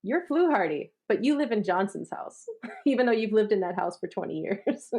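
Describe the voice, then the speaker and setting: A woman from rural Minnesota, a guest in a conversation, telling stories lively and acting out the voices of the people she quotes. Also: mid-range voice, normal speed. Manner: animated storyteller who acts out quoted voices and laughs often. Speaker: guest, artist and rural advocate. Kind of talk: casual conversation.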